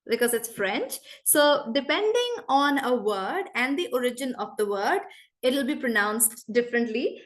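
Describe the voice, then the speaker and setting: A woman teaching English in an online class over a video call, brisk and chatty, calling on students by name. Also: sits high, expressive, a bit bright.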